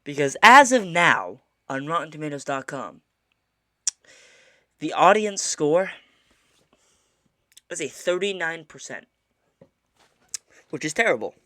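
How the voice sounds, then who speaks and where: A man's voice: fairly high pitch, big pitch swings, takes it slowly, long pauses, sharp tone, no room sound, studio quality. A man co-hosting a casual podcast, talking in mock-serious indignation with lots of stammered restarts. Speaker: podcast co-host. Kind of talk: casual chat.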